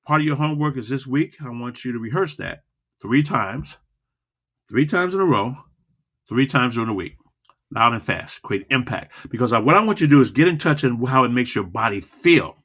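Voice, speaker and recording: Lively, bright-voiced male speaking coach. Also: mid-range voice, fairly quick, breathy edge. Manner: energetic, repetitive, demonstrates vocal dynamics. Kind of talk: online video lesson addressing the viewer.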